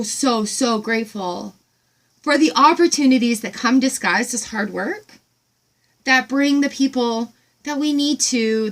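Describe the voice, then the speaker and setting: A woman in a casual gratitude vlog from home, talking in an excited, rambling way with lots of fillers. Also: a little high. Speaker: vlogger.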